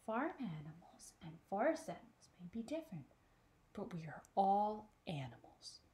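A woman voicing a wise old owl in a children's picture book, speaking in a calm, gentle way. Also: mid-range voice, moderate pace, pitched below the performer's own voice, lightly acted.

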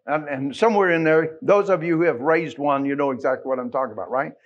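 A man's voice: a little high, fast talker, few pauses, lo-fi sound. A man with a Texan accent preaching a sermon as pastor, folksy and joking with his congregation.

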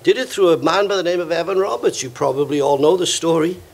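A man's voice: on the high side, fairly even intonation, quick pace, vocal fry, husky. An older man from Wales preaching a sermon in a church, telling stories with quoted voices. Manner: storytelling, warm anecdotes with acted quotes. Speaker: visiting preacher. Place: church hall.

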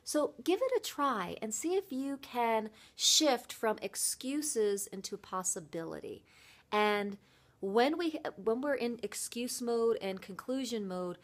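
A woman's voice: on the high side, animated. Earnest woman voice coach vlogging. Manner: earnest and reflective, with thoughtful pauses. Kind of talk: motivational vlog talk.

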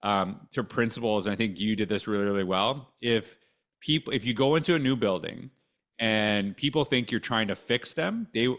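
A man hosting an interview podcast, talking in an enthusiastic, animated way with frequent restarts. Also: fairly low pitch, normal speed. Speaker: podcast host. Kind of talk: casual interview chat.

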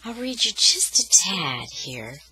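Slow, bright-voiced woman storyteller with a Californian accent. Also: lowish voice, sing-song, breathy edge, rough recording. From Texas. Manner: chatty, friendly asides that explain words to young listeners. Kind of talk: reading a novel aloud to online listeners.

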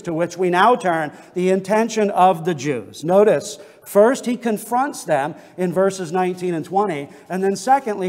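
A man's voice: sits high, darkish tone. A male pastor preaching an earnest, expository sermon from the pulpit, using pointed rhetorical questions. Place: church sanctuary. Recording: long hall reverb.

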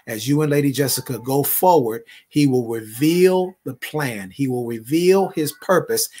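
A man who is a prophetic minister delivers a prophetic word and prayer, repeating phrases and building to loud, emphatic declarations. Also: mid-range voice, slightly rough.

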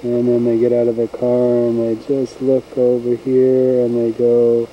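A man's voice: medium pitch, monotone, measured pace, few pauses, muffled recording, slight background noise. A man narrating casually as he films his farm outdoors on a handheld camcorder, folksy and rambling. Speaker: home video maker. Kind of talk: casual narration while filming. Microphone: handheld camcorder mic.

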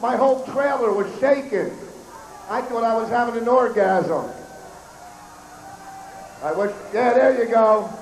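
A hoarse male comedian emceeing an outdoor festival stage, joking brashly and swearing at the crowd. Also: very high voice, measured pace, pauses often, a little hiss or hum. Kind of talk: stage banter. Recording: echoey outdoor PA sound.

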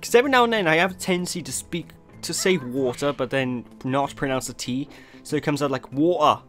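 A man's voice: fairly high pitch, a little fast, fairly bright tone, soft background music. A young Welsh man giving rambling, jokey, self-deprecating commentary over a video game. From Wales. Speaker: let's play host. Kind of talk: gameplay commentary.

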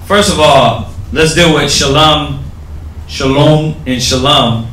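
A man teaching a class, explaining things casually and haltingly with many fillers. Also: a little high, sharp tone, a little hiss or hum. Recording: echoey room with faint ambience.

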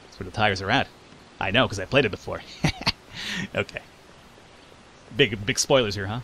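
A man's voice: fairly low pitch, normal speed, long pauses, fairly bright tone, slightly rough. A man hosting a let's play, talking through a game with sarcastic jokes and casual swearing. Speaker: gaming channel host.

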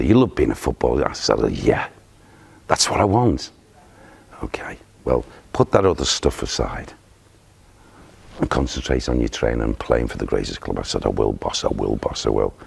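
A man's voice: extremely low pitch, moderate pace, vocal fry, pauses often, slightly rough. An older man, a spiritual medium, telling an anecdote in an interview and acting out the voices of the people he quotes. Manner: animated storyteller who acts out quoted voices. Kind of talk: anecdotal storytelling. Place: theatre.

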